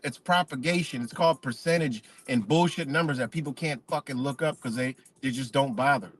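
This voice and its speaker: A man's voice: medium pitch, fairly quick, few pauses, slightly rough. A man hosting a livestream, ranting in a profane, rambling way and repeating himself. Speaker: channel host. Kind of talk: livestream rant.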